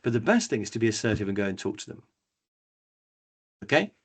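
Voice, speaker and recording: A middle-aged man leads a training webinar, talking with a husky edge to his voice. He tells his stories in a lively, animated way, slipping into the voices of the people in them. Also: on the low side, fast. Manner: lively storytelling, acts out quoted people. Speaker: workshop trainer.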